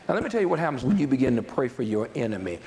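A man's voice: mid-range voice, big pitch swings, racing, a little mellow, poor audio. A man preaching a sermon as a pastor, talking conversationally with repeated words and folksy asides to the congregation.

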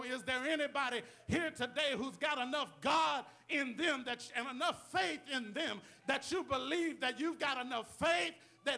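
A man's voice: very high voice, normal speed, hardly any pauses, bright, forceful tone. A male pastor preaching a sermon with call-and-response, repeated amens and rhetorical questions to the congregation.

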